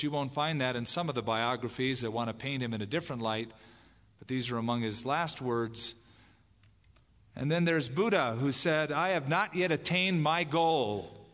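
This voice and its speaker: A man's voice: fairly high pitch, a bit bright. A man preaching a sermon as pastor, emphatic, dramatizing the lines he quotes. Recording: long hall reverb.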